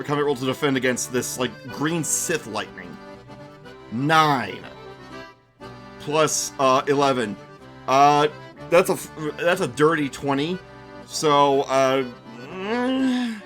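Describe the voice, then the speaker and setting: A man's voice: a little high, fairly bright tone. A man running a tabletop game on a live stream, narrating animatedly, giggling, and chatting with his viewers.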